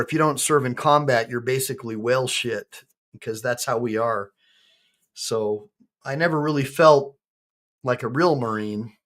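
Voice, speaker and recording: A man's voice: mid-range voice, fairly bright tone. A man, an attorney hosting a livestream, chatting casually in a rambling, joking and crude way.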